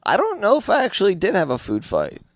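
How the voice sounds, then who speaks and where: A man's voice: high voice, huge pitch swings, fast talker, no room sound, studio quality. A man co-hosting a podcast, bantering loosely in casual chat and swearing freely. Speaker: podcast co-host.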